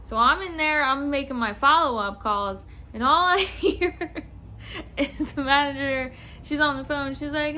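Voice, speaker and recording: High, bright-voiced young woman ranting. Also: a little slow. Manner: swearing, animated, acts out callers. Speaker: vlogger. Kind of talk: casual storytime rant.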